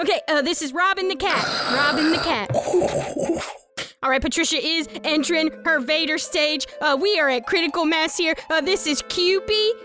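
A woman hosting a comedic pet segment in a deadpan, mock-serious manner. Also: very high voice, normal speed, music in the background. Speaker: host.

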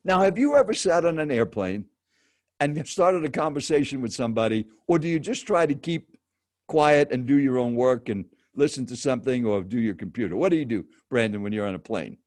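A man in his seventies, a professional speaker and guest, telling a story with dramatic pauses and speaking directly to the host. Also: mid-range voice, lively intonation, darkish tone, dry recording, clean studio sound. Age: 70s. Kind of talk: animated storytelling.

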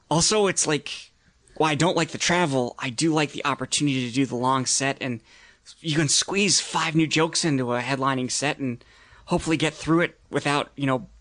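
A man, a stand-up comedian guest, talking casually in halting, rambling complaints. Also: mid-range voice, a bit bright. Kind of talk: casual chat.

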